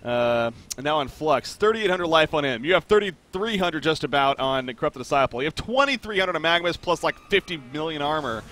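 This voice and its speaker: Bright young man calling esports play-by-play. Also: fairly high pitch. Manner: quick play-by-play that builds to excited calls during fights. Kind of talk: live game commentary.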